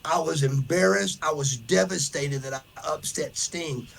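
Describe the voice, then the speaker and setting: Speaking a little slowly in a gravelly voice on the high side, this podcast host spins a rowdy tale during casual conversation. He calls people "brother" and animatedly performs everyone else's quotes and lines throughout.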